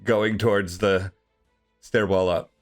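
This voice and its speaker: A man with a lowish voice talks through his moves in a tabletop game. He thinks aloud, hedging and restarting often. Faint music plays behind him. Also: steady tone, slow. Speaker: player. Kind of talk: casual tabletop play.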